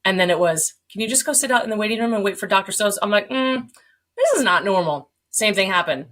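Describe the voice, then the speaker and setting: A woman in her forties telling her story as a podcast guest, animated, acting out quoted dialogue, swearing and laughing along the way. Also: medium pitch, fast. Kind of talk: candid storytelling.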